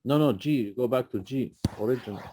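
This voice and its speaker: A man tutors a student one-on-one through a math problem, patient and repeating himself to check understanding. His voice is dark and mellow. There is faint background noise behind him. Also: medium pitch, fairly quick. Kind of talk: live tutoring session.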